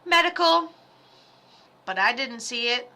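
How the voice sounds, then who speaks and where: A woman's voice: a little high, animated, unhurried, bright, forceful tone. A woman giving casual livestream psychic readings, chatty and blunt, joking as she goes. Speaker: psychic medium.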